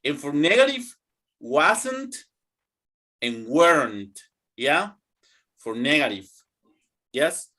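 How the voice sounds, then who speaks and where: A man's voice: fairly high pitch, very animated, takes it slowly, pauses often, bright, forceful tone. A young man teaching an English grammar class, drilling students to repeat after him. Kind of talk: online classroom lesson.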